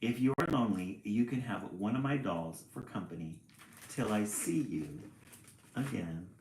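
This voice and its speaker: A man's voice: on the low side, expressive, normal speed, darkish tone, roomy sound, low-quality recording. A man voicing a kind, friendly little girl in a storybook reading.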